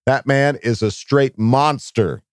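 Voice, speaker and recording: A man hosting a casual podcast, excitable and profane, in hyped fan banter. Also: mid-range voice, takes it slowly, clear, resonant tone, no room sound, studio quality. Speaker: podcast host. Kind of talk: casual chat.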